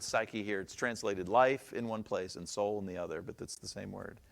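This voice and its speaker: A man's voice: lowish voice, normal speed, vocal fry, few pauses. Man preaching a casual, joking sermon. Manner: conversational and joking, with rhetorical questions. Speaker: pastor. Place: church.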